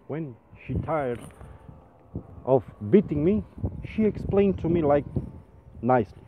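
A man tells a story slowly in halting English, stumbling and restarting as he exaggerates for laughs. His voice comes through thin and phone-like. A faint hiss sits under it. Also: fairly high pitch. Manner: animated, comically exaggerated telling. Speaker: rope access painter. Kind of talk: casual storytelling vlog. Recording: phone-like sound with faint noise.

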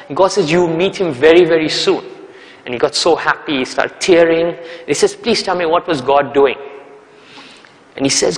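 A man with a slightly high voice gives a motivational talk, recorded with a long hall reverb. He tells stories in an animated way, acting out each character, and keeps checking in with "okay?" and "right?". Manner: animated storyteller, acts out characters' lines; repeats words for emphasis, asks "okay?" and "right?". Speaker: performance coach giving a talk.

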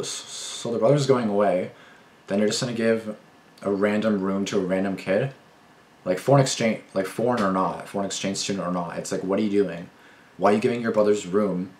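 A man's voice: lowish voice, fairly even intonation, a little fast, darkish tone, roomy sound, slight background noise. A young man reacting to a video, rambling and repeating himself, swearing heavily and getting indignant. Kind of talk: casual reaction commentary.

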